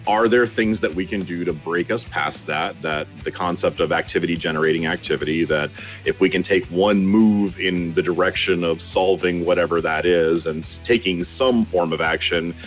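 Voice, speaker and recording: Male podcast host, very low voice, measured recap, faint music behind. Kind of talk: casual podcast chat, summing up.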